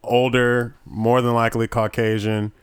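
Brief: easygoing man, mid-pitched, dry recording. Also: little pitch movement, measured pace, smooth, no room sound. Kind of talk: casual chat.

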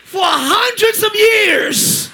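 Pastor guy preaching loud in church, super high pitch, real sharp bright voice, cracks jokes. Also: expressive, extremely slow. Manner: shouting, preaching with humor. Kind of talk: sermon. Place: church sanctuary.

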